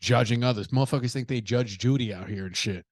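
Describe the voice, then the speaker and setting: A man's voice: mid-range voice, fast talker, no echo, clean studio sound. A man hosting a solo podcast, talking bluntly and casually with plenty of swearing and acted-out quotes. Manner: blunt, profane, animated asides with acted-out quotes. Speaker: podcast host.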